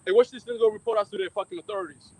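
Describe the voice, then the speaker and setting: A man preaching loudly and emphatically, swearing freely and mocking his critics between scripture readings. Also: high-pitched, rapid-fire, rough recording. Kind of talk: fiery street-style preaching.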